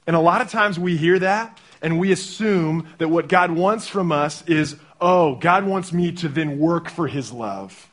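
A young male pastor preaches in a loose, chatty way, jumping into little acted-out voices to make his point. His voice sits a touch high for a man and has a husky edge to it. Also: unhurried, hardly any pauses. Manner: animated, conversational, acts out quotes. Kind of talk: sermon.

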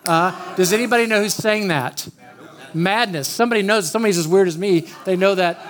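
A man preaches in a light, high voice. He opens with a casual, joking personal story and keeps talking straight to the people in front of him. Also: brisk, a bit bright. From Oklahoma, USA. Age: 50s. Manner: chatty, joking, talks straight to the room. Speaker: pastor. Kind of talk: storytelling sermon.

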